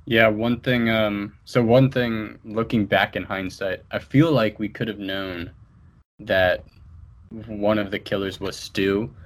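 Casting: young man, low voice, halting casual delivery with restarts. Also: steady tone. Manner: hesitant, repeats words, thinking aloud. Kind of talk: casual movie discussion.

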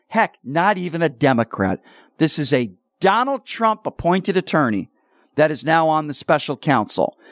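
A man hosting a political talk radio show, speaking combatively and slowing down to stress his points. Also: fairly high pitch, no room sound, clean studio sound. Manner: combative, slows down for emphasis.

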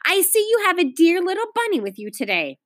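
A woman's voice: very high-pitched, sing-song, a little fast, a bit bright, no echo, clean studio sound, pitched above the performer's own voice, heavily acted. A woman voicing a sugary, fussy neighborhood lady in a read-aloud storybook, gushing in a sing-song way.

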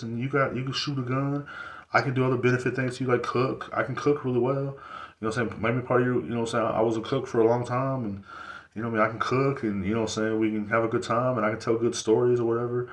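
A man's voice: on the low side, fast talker, fairly bright tone. A man hosting his own podcast, rambling through a profane, casual rant full of fillers. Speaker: podcast host. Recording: roomy echo.

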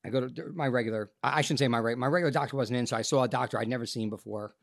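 A man, an actor and podcast guest, telling a personal story in a casual, animated and profane way, acting out the people in it. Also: medium pitch, rapid-fire, gravelly, dry recording, studio quality.

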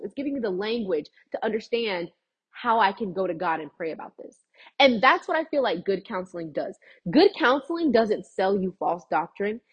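A woman's voice: a little high, breathy edge, muffled recording. A young woman, a college student, talking about her life in a chatty, earnest way, with many "like" fillers. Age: young adult. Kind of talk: casual personal talk to camera.

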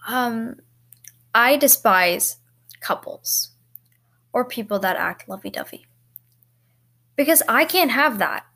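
A woman's voice: on the high side, lively intonation, slow pace, creaky, long pauses, sharp tone. A young woman hosting a podcast on her own, talking casually and rambling with lots of likes and ums, often teasing herself. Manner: self-mocking. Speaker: podcast host. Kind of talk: casual solo chat.

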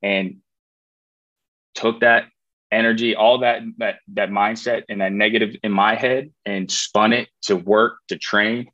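A man's voice: lowish voice, steady tone, unhurried, pushed and bright, no echo, muffled recording. Laid-back man telling a story. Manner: rambling, frequent fillers and restarts. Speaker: guest, former college football player. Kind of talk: casual interview storytelling.

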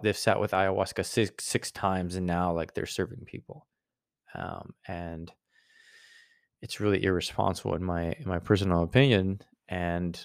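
A man's voice: low-pitched, smooth, no echo, clean studio sound. A man hosting his podcast, telling a personal story in a rambling, searching way with many restarts. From United States. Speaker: podcast host. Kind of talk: casual personal monologue.

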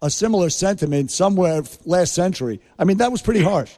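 Mellow-voiced male radio co-host. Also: sits high, expressive, in a large hall. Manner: halting, with many restarts. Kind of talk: casual radio talk.

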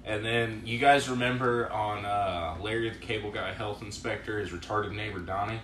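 Man with a lowish voice, casual profane storytelling, echoey room, faint hiss. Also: fairly even intonation, normal speed, a bit bright. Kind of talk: casual chat.

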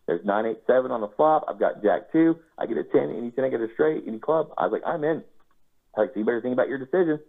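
A man's voice: medium pitch, lively intonation, fast talker, gravelly. A man telling a casual first-person anecdote, swearing freely and acting out his own quoted lines. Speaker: storyteller. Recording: tinny phone-like sound.

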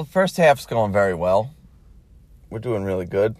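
Low-voiced American man rambling casually. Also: sing-song, normal speed, a little mellow, dry recording. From United States. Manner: rambling, repeats himself, swears when worked up. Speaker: podcast host.

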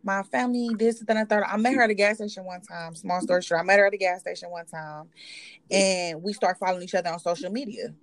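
A woman with a fairly low, steady voice talks fast on a podcast she co-hosts, recorded without echo. The chat among friends is casual, and she's slightly tipsy, swearing and speaking loosely while laughing often.

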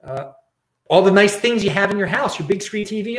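A man's voice: high-pitched, lively intonation, a little fast, echoey room. A man hosting his own show, ranting in casual commentary and often repeating and restarting words. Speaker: show host.

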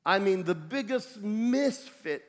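A high-pitched man with a New York accent preaches in a storytelling way, animated and wry about himself. His voice rings out with a long reverb, as if carried through a large hall. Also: slow pace. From United States. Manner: conversational, animated storytelling with self-deprecating humor. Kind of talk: storytelling sermon testimony.

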